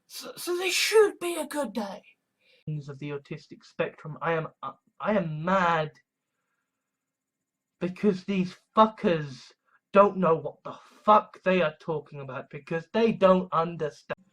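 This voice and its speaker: A man's voice: high-pitched, big pitch swings, unhurried, fairly bright tone, low-quality recording. A young man, rambling through monologue clips with heavy swearing and many restarts. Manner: profane, rambling, with frequent restarts. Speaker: amateur sermon vlogger.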